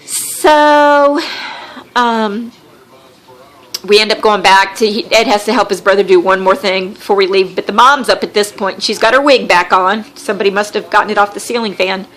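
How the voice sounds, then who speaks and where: A woman with a Southern American accent, a podcast host telling a funny story in a casual, wry, animated way. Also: mid-range voice, normal speed. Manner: animated, wry storyteller who acts out quotes.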